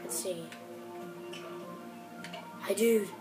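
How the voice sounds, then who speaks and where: A woman hosting a gameplay video, chatting casually in a rambling, excitable way and apologising often. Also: mid-range voice, drawn-out words, recorded from a distance. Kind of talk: casual game commentary. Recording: roomy sound from off the mic with music behind.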